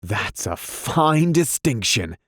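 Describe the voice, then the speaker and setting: A man reading aloud, playing a self-pitying, quick-tempered young husband who drinks, plaintive and flaring. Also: medium pitch, very animated, dry recording, studio quality, voice pushed up. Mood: angry. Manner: plaintive, flaring into weak anger.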